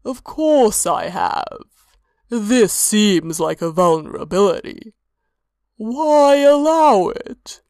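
A woman voicing a curious, slow-speaking tentacled male god with a dry manner. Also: medium pitch, big pitch swings, a little mellow, no echo. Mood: musing.

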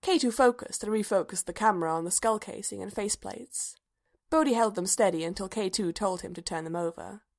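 A woman narrates a story aloud in a steady, measured audiobook style. Her voice sits at a middling pitch and keeps an even pace throughout. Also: vocal fry.

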